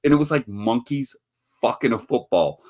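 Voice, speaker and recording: With a mid-range, darkish voice and lively intonation, a livestream host from the Chicago area chats casually at a moderate pace. His story wanders and is full of profanity, broken up often by his own laughter.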